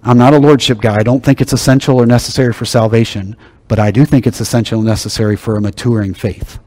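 A man's voice: mid-range voice, fairly even intonation, fast, darkish tone. A man preaching a sermon, teaching in a conversational, emphatic way. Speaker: pastor.

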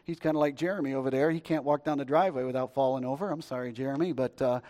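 A man preaching a sermon, telling stories in a lively, conversational way with jokes aimed at the congregation. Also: medium pitch, rapid-fire, big-room sound. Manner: storytelling, lively and conversational, joking aside to the congregation. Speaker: pastor.

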